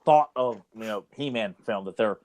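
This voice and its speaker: A man's voice: on the low side, normal speed, darkish tone. A man with a Southern US accent co-hosting a podcast, chatting casually with boastful jokes. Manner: joking, boastful banter. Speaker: podcast co-host. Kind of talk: casual chat.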